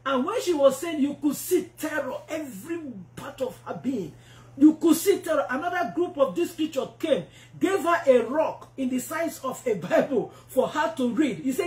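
A woman preacher telling a testimony in a sermon, animated and acting out the voices she quotes. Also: sits high, normal speed. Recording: roomy echo.

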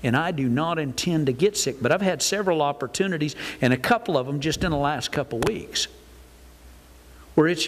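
Older pastor preaching, echoey sanctuary. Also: male voice, fairly high pitch, brisk. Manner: folksy, animated preaching with acted-out asides. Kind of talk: sermon. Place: church sanctuary. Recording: reverberant church hall.

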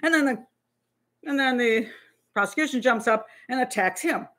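A middle-aged woman hosting a live Q&A stream as a criminal profiler. Her voice sits a little high. She talks bluntly and animatedly, often restarting her sentences. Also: moderate pace, a bit bright. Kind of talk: casual live-stream talk.

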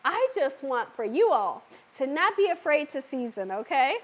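A very animated woman whose voice sits high speaks at a moderate pace while hosting a live cooking stream. Her voice is a bit worn; wearing a microphone, she chats with viewers, laughs frequently, and reads out their comments.

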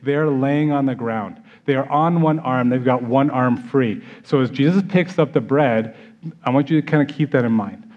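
A man's voice: mid-range voice, moderate pace, lo-fi sound. A man with an American accent preaching a sermon as pastor, acting out the scene he tells with quoted voices.

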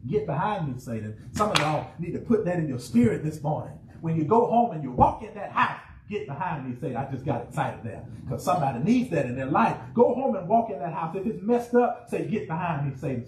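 A man preaching a sermon as pastor, calling out to the congregation and shouting refrains. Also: high voice, echoey room, far from the mic, slight background noise, rough recording. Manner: preacherly call-and-response, rising excitement, shouted refrains. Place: church sanctuary.

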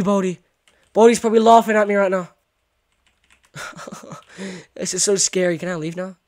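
A man with an Australian accent doing let's-play commentary on a horror game, jumpy and slangy, yelping when startled. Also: high voice. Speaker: gaming YouTuber.

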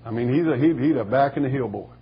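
A man preaching a sermon in a folksy storytelling way, with a husky voice. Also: medium pitch, quick pace, highs cut off. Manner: folksy storytelling, rising to shouting bursts. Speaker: pastor.

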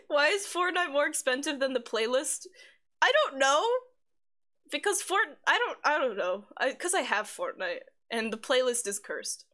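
A woman's voice: sits high, very animated, normal speed, pushed and bright. A woman live streamer in casual chat, reading her chat aloud, swearing freely and giggling often. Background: faint background music.

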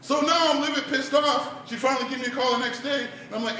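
A man's voice: extremely high pitch, steady tone, quick pace, few pauses, pushed and bright. A man doing a laid-back stand-up comedy set at an open mic, peppering his lines with "man" and "like". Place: bar performance room. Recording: echoey room, mic heard from a distance.

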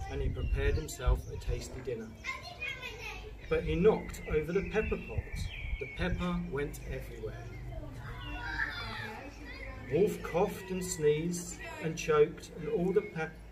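A man, a teacher, reading a children's picture book aloud in a slow, lively storytelling manner. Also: fairly high pitch. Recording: distant mic, noisy background with birds.

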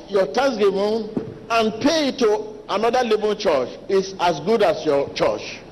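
High, lively preaching man in a hall. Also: slight background noise. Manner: animated, repetitive, addresses congregation directly. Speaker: pastor. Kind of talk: preaching sermon. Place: large church hall. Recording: long church reverb with faint ambience.

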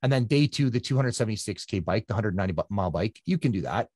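A middle-aged man from Canada, a guest telling his story in a casual, animated way and acting out quotes. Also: on the low side, fast talker, breathy edge, dry recording, clean studio sound. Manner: animated, conversational, acts out quotes.

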